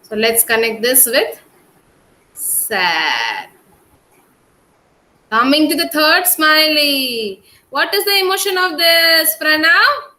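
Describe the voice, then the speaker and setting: A woman's voice: high voice, big pitch swings, slow, pauses often, pushed and bright, poor audio. A woman with an Indian English accent teaching a kindergarten class over a video call, coaxing and drawing out words for young children.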